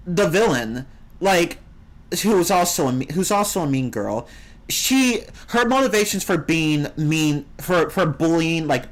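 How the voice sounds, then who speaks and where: Opinionated streamer chatting loosely with viewers, lively, swooping delivery. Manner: rambling and opinionated, with swings in pitch; reads and answers the chat. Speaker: game streamer. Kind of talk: casual live-stream chat.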